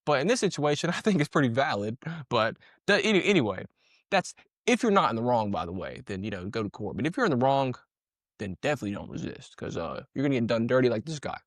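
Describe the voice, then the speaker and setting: A man's voice: mid-range voice, big pitch swings, fast talker, dry recording, clean studio sound. A man giving casual, slangy commentary on a video, repeating himself and punching in sound-effect words. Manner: slangy, conversational. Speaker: commentator breaking down police footage.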